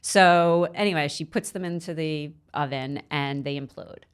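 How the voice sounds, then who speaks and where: A middle-aged woman, a podcast guest, chatting casually and telling animated stories in which she acts out quoted voices. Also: sits low, moderate pace, smooth. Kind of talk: casual interview chat.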